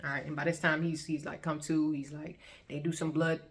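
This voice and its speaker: A woman's voice: low-pitched, little pitch movement, brisk. A woman casually telling her own story to viewers in a chatty, colloquial way, often breaking into laughter. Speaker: vlogger sharing her testimony.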